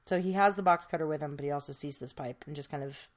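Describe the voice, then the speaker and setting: A woman's voice: low voice, fast talker. A woman podcast host telling a true crime case in casual, chatty storytelling, with many fillers.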